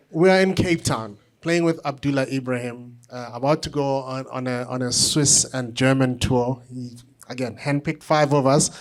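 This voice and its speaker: A middle-aged man, an author and conductor, telling an anecdote at a book talk with lively, self-deprecating humor. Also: mid-range voice. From South Africa. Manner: animated anecdotal storytelling with self-deprecating laughs.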